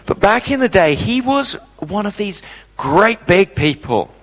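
A man preaching a sermon, telling a personal story with dramatic pauses. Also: high-pitched, very animated, fairly bright tone, big-room sound.

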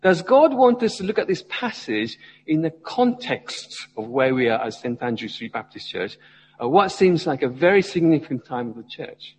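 A man's voice: a little high, very animated, moderate pace, a little mellow, long reverb tail, slight background noise, rough recording. A man, a church member, preaching a sermon and asking his listeners questions as he goes. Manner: asks the congregation questions, rising and falling emphasis. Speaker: lay preacher.

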